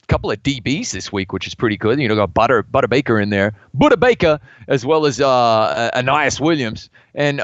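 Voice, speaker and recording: A man with an Australian accent co-hosting a casual gaming podcast, excitable and prone to repeating his words. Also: mid-range voice, no room sound, lo-fi sound. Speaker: podcast co-host.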